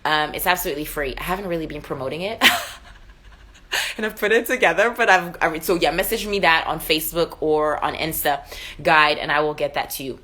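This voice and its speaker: A young woman hosting a casual live stream from home, chatting warmly with viewers, answering their comments and laughing often. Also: on the low side.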